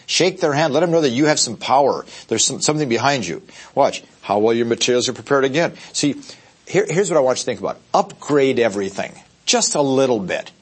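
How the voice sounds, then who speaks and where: A man's voice: medium pitch, lively intonation, brisk, slightly rough. A man training real estate agents in a seminar, talking emphatically and checking in with the audience. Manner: acts out short quoted voices. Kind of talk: seminar talk.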